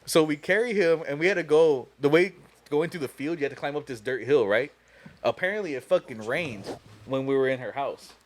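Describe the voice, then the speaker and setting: A man's voice: fairly high pitch, lively intonation, brisk. A young man hosting a podcast, telling a long story casually, profane and laughing as he goes. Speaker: podcast host.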